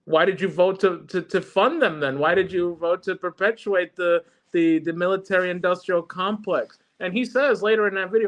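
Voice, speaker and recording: Male panelist, high voice, mocking, halting delivery. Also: fairly bright tone. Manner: mocking, halting with fillers, acts out imagined quotes. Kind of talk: political panel talk.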